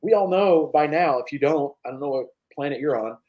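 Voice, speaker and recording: A man's voice: on the high side, a little fast, muffled recording. A man from North Carolina co-hosting a sports podcast, talking emphatically in casual chat and swearing freely. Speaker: podcast co-host.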